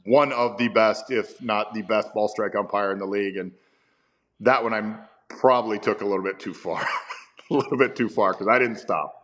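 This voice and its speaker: A man's voice: lowish voice, fairly even intonation, normal speed, fairly bright tone. A man in his fifties, a baseball manager, telling stories in a casual interview with rambling, stammering restarts and chuckles.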